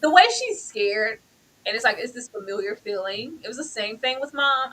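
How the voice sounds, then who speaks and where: A woman co-hosting a casual TV review chat, animated and emphatic, acting out characters' lines. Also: on the high side, moderate pace, rough recording. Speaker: co-host of a TV review show.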